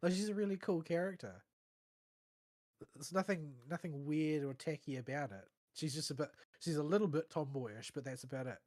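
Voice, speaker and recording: A man on a casual gaming podcast, speaking in a measured, articulate way. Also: on the high side, a little mellow. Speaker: podcast co-host.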